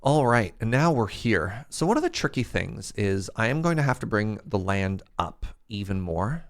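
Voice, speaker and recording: A man's voice: fairly low pitch, very animated, moderate pace. A man streaming a building game, chatting casually and thinking aloud as he builds. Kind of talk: casual livestream chat while playing.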